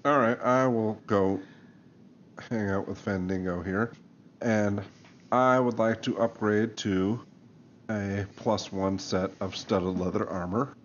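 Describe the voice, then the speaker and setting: A man's voice: on the low side, steady tone, slow pace, muffled recording, a little hiss or hum. A man playing a tabletop game, hesitant and full of questions about the rules. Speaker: player. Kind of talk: casual tabletop chat.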